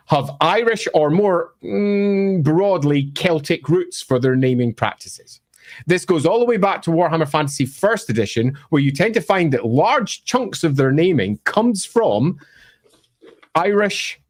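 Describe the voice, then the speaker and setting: A Scottish man with a fairly high voice talks through fantasy lore. He is emphatic and wry, and his pitch swings widely as he argues his points. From Scotland. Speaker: lore presenter. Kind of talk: opinionated lore explainer.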